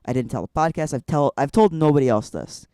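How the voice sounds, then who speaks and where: A young man from Illinois, guesting on a podcast, tells a personal story casually, rambling with lots of "like" fillers. His voice is on the high side, a little fast, mellow and clean, recorded at studio quality without echo.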